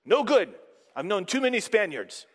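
A man's voice: sits high, big pitch swings, normal speed, voice pushed up. A man voicing a young male hero who answers in dry, curt replies, in a reverberant hall. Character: wry young male hero climbing a cliff.

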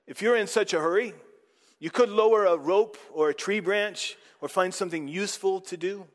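A man's voice: high-pitched, normal speed, long reverb tail, close to an everyday voice. A man doing a dry, curt young hero. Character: wry young male hero climbing a cliff.

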